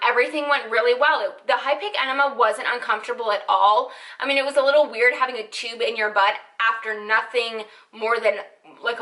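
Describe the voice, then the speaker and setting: A woman's voice: on the high side, sharp tone, rough recording. A young woman in a casual vlog chat, candid and chatty, full of "like" fillers. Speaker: vlogger.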